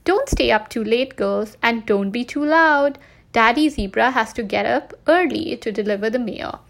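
A woman's voice: fairly high pitch, moderate pace, vocal fry, fairly bright tone. A woman reading aloud, voicing a firm, scolding mother zebra. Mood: stern. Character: strict mother zebra, middle-aged.

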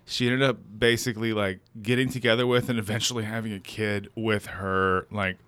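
A man's voice: fairly low pitch, little pitch movement, fairly quick, clear, resonant tone. Rambling, jokey man hosting a podcast. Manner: rambling, jokey, loud bursts. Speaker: podcast host. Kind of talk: casual comedic chat.

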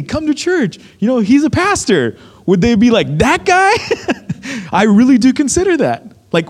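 A young man preaching a sermon, telling a story with lots of acted-out quotes. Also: sits high. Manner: animated storytelling, acts out quotes. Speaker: pastor.

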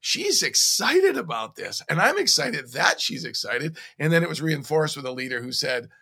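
A man co-hosting a podcast, telling stories in a casual, animated way. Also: on the high side, a little fast, vocal fry, husky. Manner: animated storyteller, recounting conversations. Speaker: podcast co-host.

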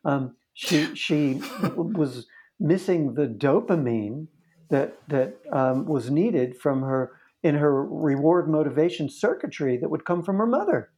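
A man's voice: fairly high pitch, lively intonation, measured pace, a little mellow. A man who works as a therapist recounts a case in conversation, telling it earnestly and vividly and often restarting his sentences. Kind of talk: storytelling in conversation.

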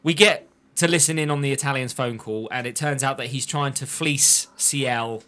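A man tells the story of an episode to his friends, animated and quick to mimic characters. His voice has a bright, clear edge. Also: medium pitch. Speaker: podcast host recapping an anime. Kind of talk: casual chat.

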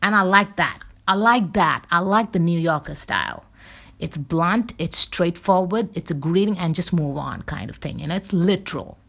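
Female podcast host, low creaky voice, loose rambling chat. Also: lively intonation, normal speed, a bit bright. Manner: rambling, full of fillers and tangents. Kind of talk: casual rambling monologue.

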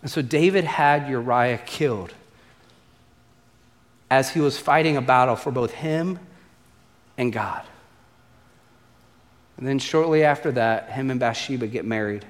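A man preaching a sermon as pastor, telling stories in an animated, conversational way and acting out the voices. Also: medium pitch, a little slow, pauses often, big-room sound. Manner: animated storyteller, acts out voices, conversational asides.

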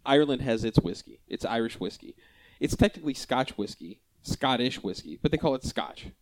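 A man's voice: medium pitch, lively intonation, brisk, dry recording. Rambling self-mocking man. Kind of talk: casual chat.

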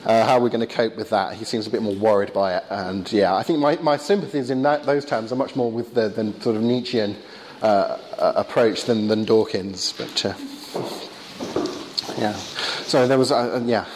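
A man's voice: lowish voice, moderate pace, darkish tone, a little hiss or hum. A man answering audience questions after a lecture, talking conversationally with many fillers and restarts. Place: large stone church. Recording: long church reverb.

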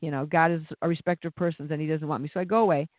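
A man's voice: a little high, fairly even intonation, rapid-fire, no room sound. A man preaching an impassioned sermon, often repeating words as he builds up. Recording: dry, phone-like narrow sound.

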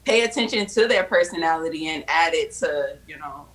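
Bright-voiced, opinionated woman guest. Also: low voice, lively intonation, low-quality recording. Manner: chatty and opinionated, quick to explain her views. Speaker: podcast guest. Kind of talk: casual chat.

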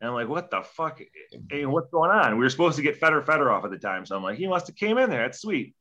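A man's voice: a little high, sing-song, quick pace, bright, forceful tone, highs cut off. A young man, a former hockey player, telling a story in a casual interview, profane and rambling, acting out quoted dialogue.

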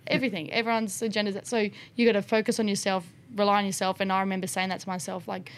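Young woman, podcast guest, frank, chatty, casual swearing, mid pitch. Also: level tone, fast. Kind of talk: casual chat.

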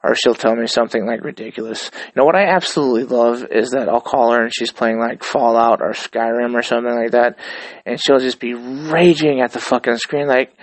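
Guy in his 30s just rambling about life, loose and sweary, mid-pitched voice, dry close sound. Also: steady tone, brisk, dry recording, poor audio. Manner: loose, profane, reflective and upbeat. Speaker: host. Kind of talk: casual rambling monologue.

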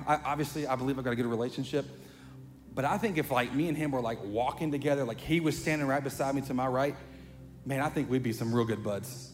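A pastor preaching a sermon in a chatty, conversational way, building to animated emphasis. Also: male voice, fairly high pitch. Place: church sanctuary. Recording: long hall reverb, faint music.

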